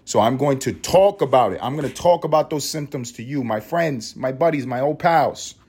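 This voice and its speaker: A man hosting a solo podcast, ranting and rambling in a profane, animated way. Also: medium pitch, moderate pace, slightly rough. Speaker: podcast host.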